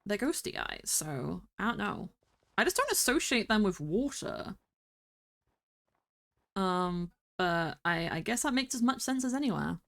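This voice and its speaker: A woman streamer rambling through casual gameplay commentary, talking to herself with bursts of excited exclamations. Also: mid-range voice, a little slow, vocal fry. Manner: chatty, rambling self-talk with excited exclamations. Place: home streaming setup.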